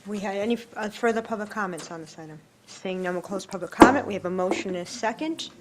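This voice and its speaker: A woman mayor chairing a city meeting, making brisk procedural calls for public comment. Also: medium pitch, noisy background.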